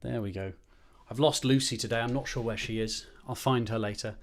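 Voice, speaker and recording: A man's voice: fairly low pitch, lively intonation, brisk. Male choir conductor, streamed rehearsal; encouraging, upbeat coaching with counted breathing. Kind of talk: online choir rehearsal and warm-up. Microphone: streamed to a screen.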